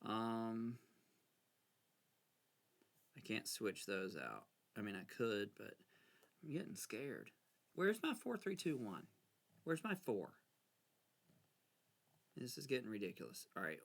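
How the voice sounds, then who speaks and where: A man casually talking himself through a card game, anxious and excitable, arguing with himself as he plays. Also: fairly low pitch, takes it slowly, creaky, long pauses. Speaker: gameplay video creator. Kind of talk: casual talk over a solitaire game.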